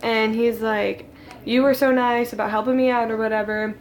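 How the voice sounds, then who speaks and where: Teen girl spilling a storytime, highish voice, tons of "like", giggly, faint noise behind. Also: fairly even intonation, moderate pace. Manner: rambling, lots of "like", giggly. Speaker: vlogger. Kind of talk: casual storytime.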